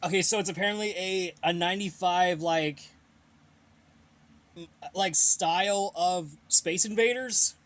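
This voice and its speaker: A young man with a bright, fairly high voice runs a casual Q&A and reads out viewer questions. He rambles, repeats himself and gives blunt opinions, sounding a little out of breath. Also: unhurried, long pauses. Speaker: host of a fan Q&A channel.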